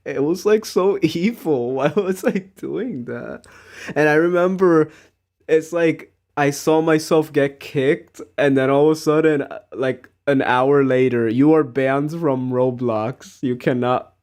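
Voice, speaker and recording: A man's voice: fairly high pitch, unhurried, darkish tone. A young man streaming, chatting casually and rambling through a story with frequent laughs. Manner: rambling, laughs at himself while telling stories. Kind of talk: casual chat.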